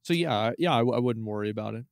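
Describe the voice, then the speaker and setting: A man chatting on a podcast in an easygoing, rambling way, stopping and restarting his sentences. His voice sits at an ordinary middle pitch. The sound is dry and close, with no room echo. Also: animated, quick pace, creaky. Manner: loose, rambling storyteller with many restarts. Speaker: podcast co-host. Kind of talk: casual chat.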